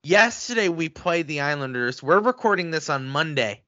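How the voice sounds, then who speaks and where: A man co-hosting a casual sports podcast, excitable and quick to get heated as he rants. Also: a little high, no room sound, highs cut off. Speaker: podcast co-host.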